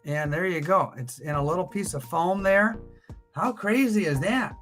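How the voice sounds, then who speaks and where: A man's voice: high voice, moderate pace, fairly bright tone, soft background music, low-quality recording. An older man hosting a live coin auction stream, joking and chuckling between bids. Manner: joking, chuckling, teasing asides. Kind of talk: casual live auction patter.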